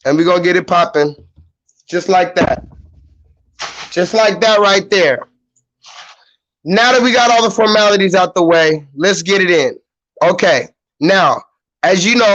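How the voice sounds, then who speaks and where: A man's voice: sits high, fairly bright tone, poor audio. A man hosting his own livestream, talking loosely and with swearing straight to his viewers. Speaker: YouTube livestream host. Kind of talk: casual livestream chat.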